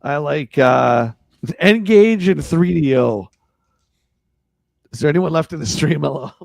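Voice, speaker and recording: A man's voice: a little high, lively intonation, takes it slowly, gravelly, a little mellow, dry recording. A man co-hosting a casual livestream, reading a magazine aloud with sarcastic, jokey asides. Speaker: podcast co-host.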